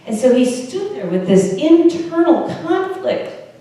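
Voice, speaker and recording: A woman's voice: sits high, sing-song, a little slow, mellow. A woman pastor from the United States preaching a sermon in a conversational way, with questions to the congregation. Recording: echoey church heard from a distance.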